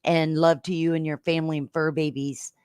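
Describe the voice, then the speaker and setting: A woman hosting a livestream game show, chatting casually with viewers and giving rambling, affectionate shout-outs with lots of fillers. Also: sits low, level tone, brisk, clear, resonant tone, no room sound, clean studio sound.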